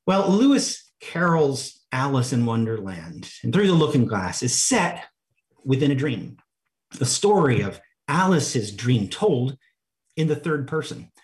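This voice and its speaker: Slow, expressive male preacher. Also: medium pitch. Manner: halting, reflective, with fillers. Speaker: pastor. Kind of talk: sermon.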